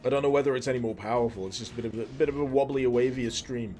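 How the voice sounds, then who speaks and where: A man's voice: mid-range voice, quick pace, a little mellow, soft background music. Playful man commentating a live game. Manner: playful, exclaiming, chatty with jokes. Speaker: streamer.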